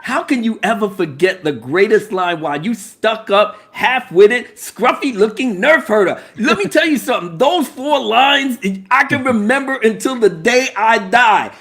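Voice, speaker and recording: Animated high-voiced man hosting a livestream. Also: moderate pace, hardly any pauses. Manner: animated, acts out movie lines, laughs often. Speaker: livestream host. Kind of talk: casual panel chat.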